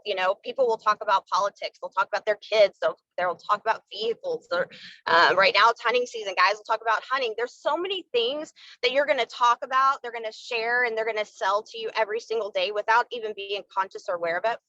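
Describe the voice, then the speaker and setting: A woman's voice: mid-range voice, brisk, fairly bright tone, dry recording, muffled recording. A woman leading her sales team in a candid, fired-up motivational live talk, saying y'all. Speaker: network marketing team leader.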